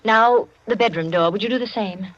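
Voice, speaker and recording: Actress voicing a stern rich hostess in an old radio play, firm and clipped, sounds dull and lo-fi. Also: female voice, mid-range voice, fairly quick, slight background noise, close to an everyday voice. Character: wealthy hostess, commanding and resolute. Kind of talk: 1940s radio drama acting. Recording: muffled lo-fi old radio broadcast.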